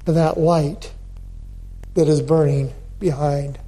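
Male pastor delivering a sermon, unhurried, leaning on repeated words for emphasis. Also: fairly high pitch, steady tone, mellow, slightly rough. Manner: slow, deliberate preaching with emphatic repetitions.

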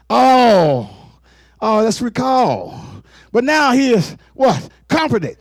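A man preaching a fervent sermon, often shouting and calling on the congregation to answer back. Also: very high voice, big pitch swings, slow pace, no room sound, studio quality. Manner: fervent, shouting with call-and-response.

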